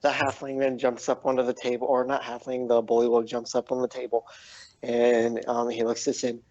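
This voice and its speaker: A man narrating a tabletop game as game master, halting often with ums, on a dull lo-fi recording. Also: mid-range voice, completely flat delivery, a little mellow, dry recording.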